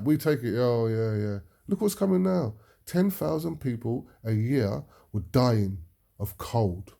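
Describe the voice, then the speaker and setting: A British man speaks as a preacher, his voice gravelly and dark in tone. He drives his points home emphatically and often tags them with a questioning "yeah?". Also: medium pitch. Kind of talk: impassioned talk to an audience.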